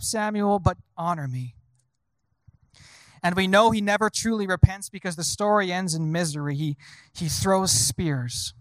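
A man's voice: on the high side, no echo. A male pastor preaching a sermon, asking the congregation rhetorical questions.

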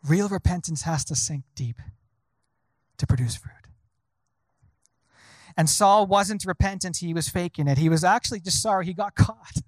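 Brief: a male preacher with a high voice, questioning his listeners, dry sound. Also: moderate pace, pauses often, dry recording. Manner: rhetorical questions to the congregation. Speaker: pastor. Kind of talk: sermon.

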